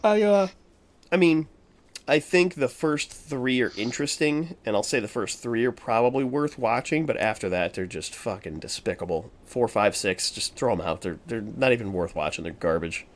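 A man's voice: mid-range voice, expressive, normal speed. A man co-hosting a casual podcast chat, talking emphatically with lots of swearing and restarts. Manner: profane, emphatic, rambling with restarts. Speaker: podcast co-host. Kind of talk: casual horror movie chat.

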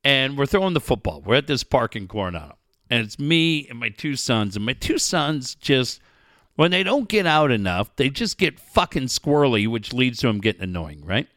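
Lively bright-voiced middle-aged man telling stories. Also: mid-range voice, moderate pace, no echo, studio quality. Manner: profane, storytelling, laughs often. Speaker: podcast co-host. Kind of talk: casual chat.

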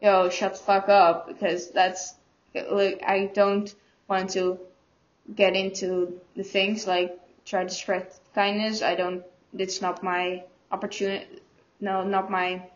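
A young woman from the Netherlands with a Dutch accent, haltingly telling a personal story as a podcast guest. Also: medium pitch, level tone. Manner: halting, searching for words. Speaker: student guest. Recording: dull lo-fi recording.

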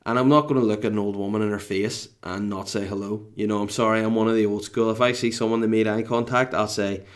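A man's voice: lowish voice, quick pace. Middle-aged northern irish guy, north down accent, cracking himself up telling a story, swears a lot. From Northern Ireland. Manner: animated, self-mocking, swears freely. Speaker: podcast co-host. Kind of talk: comic storytelling.

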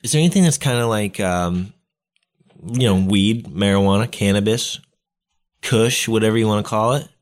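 A man's voice: lowish voice, moderate pace. A young man playing his gnome character in a tabletop game, talking in a playful, giggly way. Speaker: player voicing a gnome character. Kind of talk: tabletop role-play, in character.

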